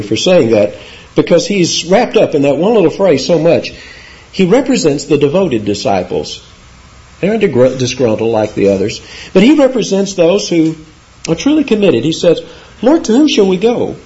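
A man preaching an expository sermon, animated, with wide swings of pitch for emphasis. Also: muffled recording. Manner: animated, swoops in pitch for emphasis, laughs between points.

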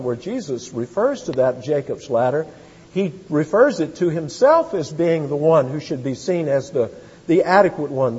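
A man preaching from a church pulpit, his slightly husky voice sitting fairly high and swinging widely in pitch. He slows down to hammer home single words and climbs to loud repeated phrases. The recording is dull and lo-fi, with a long reverb trailing each phrase. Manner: emphatic, slows to stress key words, rising to loud repetitions. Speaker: pastor. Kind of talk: expository sermon. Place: church sanctuary.

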